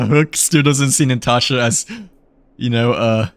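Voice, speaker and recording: A man's voice: medium pitch, slow pace, no echo. A man giving casual gameplay commentary, rambling with many fillers and little chuckles. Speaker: gamer.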